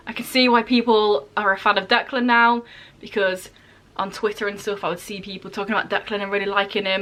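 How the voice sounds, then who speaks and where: A woman's voice: a little high, fairly bright tone. A woman vlogger chatting casually through a monthly book wrap-up, gushing about what she read. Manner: chatty and gushing, giggly at the start.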